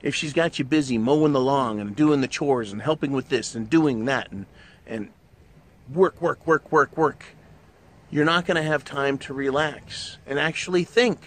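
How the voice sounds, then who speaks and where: A man's voice: mid-range voice, normal speed. Blunt, swearing man ranting. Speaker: show host. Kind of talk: opinionated monologue.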